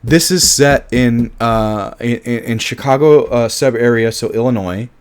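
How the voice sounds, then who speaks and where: A man's voice: mid-range voice, unhurried, clean tone. A man giving a casual film review monologue, emphatic and passionate, swearing often and restarting his sentences.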